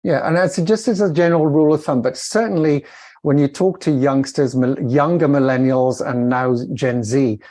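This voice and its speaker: A middle-aged Welsh man, a communication coach on a podcast, talking expressively and demonstrating inflection with swings in pitch. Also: moderate pace, mellow. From Wales. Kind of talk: podcast interview.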